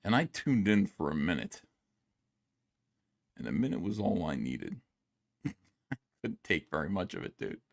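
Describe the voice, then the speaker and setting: A man streaming his reactions to videos, yelling and swearing in an exasperated rant from home. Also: sits low, big pitch swings, a little slow, gravelly, pauses often. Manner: loud, exasperated, profane yelling. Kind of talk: angry commentary rant. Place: home, downstairs.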